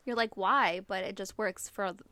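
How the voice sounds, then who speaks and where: A woman co-hosting a podcast, chiming in with quick jokes and questions in casual chat about books. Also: mid-range voice, bright, forceful tone, dry recording. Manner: quick joking interjections, apologetic. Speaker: podcast co-host.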